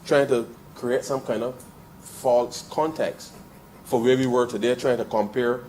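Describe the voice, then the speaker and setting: A man giving a parliamentary debate speech in the chamber, addressing the chair with a steady "sir" and building to emphatic rises. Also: mid-range voice, unhurried, a little hiss or hum, low-quality recording. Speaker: member of parliament.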